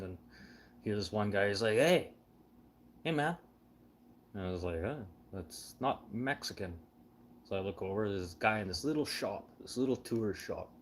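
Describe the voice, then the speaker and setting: A man's voice: fairly low pitch, a little hiss or hum. A man telling rambling, casual stories, swearing freely and laughing as he goes. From Canada. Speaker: show host. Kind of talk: casual storytelling chat.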